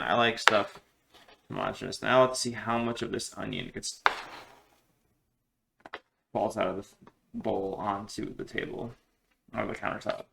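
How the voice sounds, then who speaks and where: A man on a home cooking vlog rambles and cracks self-deprecating jokes as he cooks. His voice is on the low side, fairly even, a little slow and creaky, with frequent pauses and heavy background noise.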